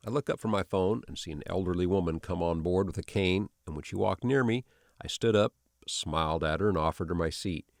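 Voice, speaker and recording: A man narrating online stories and comments in a steady, even reading delivery. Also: sits low, fairly quick, creaky, no room sound, studio quality. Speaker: channel narrator.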